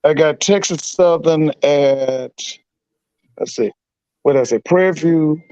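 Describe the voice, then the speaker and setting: A man joining a casual sports live stream as a guest, listing his picks slowly and hesitantly. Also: on the high side, darkish tone, clean tone, muffled recording.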